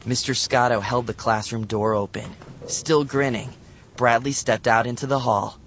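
Expressive male audiobook narrator. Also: mid-range voice, normal speed, a little hiss or hum. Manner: lively, expressive storytelling. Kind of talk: audiobook narration of a children's novel.

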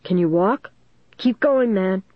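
A woman's voice: mid-range voice, expressive, slow, no room sound, highs cut off. A woman voicing a tense teenage boy who gives urgent, clipped orders in a storybook reading.

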